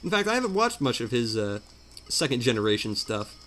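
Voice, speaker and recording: A man's voice: mid-range voice, sing-song, brisk, fairly bright tone, slight background noise. A man chatting at home during a game playthrough, rambling and self-deprecating with many fillers. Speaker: let's play commentator. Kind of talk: rambling casual chat. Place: home room.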